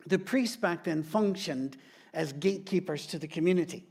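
A man's voice: on the high side, moderate pace, gravelly, a little mellow, slightly rough. A middle-aged man, a pastor, giving a sermon with conversational, humorous storytelling.

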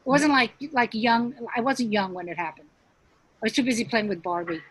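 A woman's voice: on the high side, lively intonation, fairly quick, slightly rough, no echo, low-quality recording. A middle-aged woman, a stand-up comedian, telling stories in a casual interview, chatty, with many restarts and acted-out quotes.

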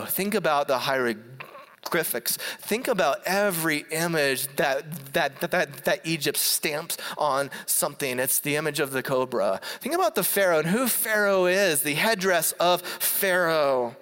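A preacher giving a sermon to a congregation, reading scripture and then retelling it in a playful, animated way. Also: mid-range voice. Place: church hall before a congregation. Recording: long hall reverb.

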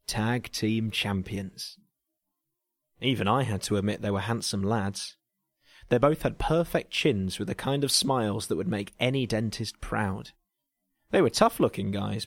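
An English man narrating a story in a dry, deadpan way. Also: fairly low pitch, moderate pace, creaky, no echo.

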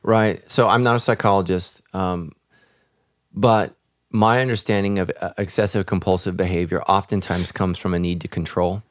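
A man's voice: sits low, steady tone, normal speed, no echo, clean studio sound. A man, a pastor, speaking earnestly and reflectively in a podcast conversation about faith.

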